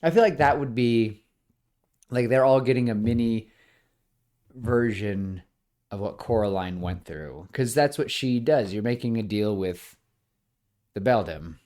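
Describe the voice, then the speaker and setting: Animated man pitching ideas. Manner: animated, acts out scenes with quick voices; frequent fillers like "like". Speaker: podcast co-host. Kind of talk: casual pitch-meeting chat.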